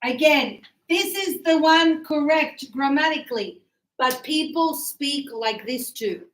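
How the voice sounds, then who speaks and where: Slow, high-voiced chatty woman teacher. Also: a bit bright, low-quality recording. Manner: chatty, tells anecdotes, repeats words. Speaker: English teacher. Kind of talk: classroom grammar lesson. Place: classroom in Sydney.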